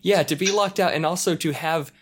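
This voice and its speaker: A man chatting casually, telling a story with lively acted-out quotes and shouts. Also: on the high side, fairly quick, slightly rough. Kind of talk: casual chat. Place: apartment in a multi-story building.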